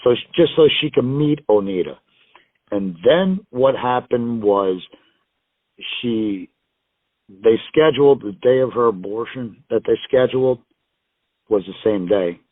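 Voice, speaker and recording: A man's voice: medium pitch, expressive, unhurried, pauses often, no echo. A man guesting on a wrestling show, telling rambling, profane road stories and acting out other people's lines. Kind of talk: casual storytelling interview. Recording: tinny phone-line call audio, dry.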